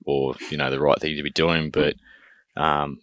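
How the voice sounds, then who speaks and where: A man, a father co-hosting a podcast, talking in a relaxed, hesitant way with many fillers. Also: extremely low pitch, normal speed, dry recording. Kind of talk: casual podcast chat. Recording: dull, dry muffled mic.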